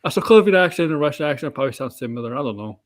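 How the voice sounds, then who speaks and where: A man's voice: on the high side, lively intonation, racing. A man co-hosting a casual chat show, rambling with restarts and frequent laughs. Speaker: podcast co-host.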